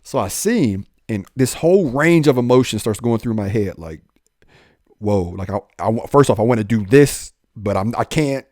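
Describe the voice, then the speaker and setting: A young police officer telling his own life story, candid and animated, acting out the dialogue with street slang. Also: on the low side, moderate pace, no echo, clean studio sound.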